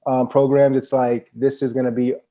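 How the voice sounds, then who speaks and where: A man's voice: medium pitch, little pitch movement, normal speed, dark tone. A young man telling stories as a podcast guest in a laid-back, slangy way. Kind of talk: casual conversation.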